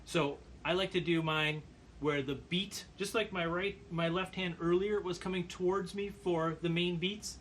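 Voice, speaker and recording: A man giving a percussion lesson, calmly explaining brush patterns and counting beats aloud. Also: sits high, measured pace, a little hiss or hum. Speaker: percussion teacher. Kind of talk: instructional demonstration.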